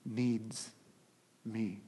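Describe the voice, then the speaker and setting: A man preaching a sermon as a pastor, telling a story with animated energy and frequent restarts. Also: fairly low pitch, very slow, breathy edge.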